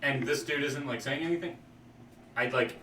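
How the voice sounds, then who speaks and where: A man's voice: medium pitch, moderate pace, bright, forceful tone. Distant joking man in echoey room. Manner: joking, rambling, lots of "like". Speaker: player. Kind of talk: casual tabletop role-play. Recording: echoey room, distant mic, background noise.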